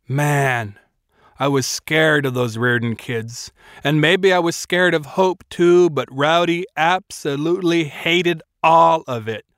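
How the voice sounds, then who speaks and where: A man's voice: on the high side, slow pace, fairly bright tone, clear, resonant tone, no echo, studio quality. A man narrating a first-person audiobook in a wry, self-mocking storytelling manner.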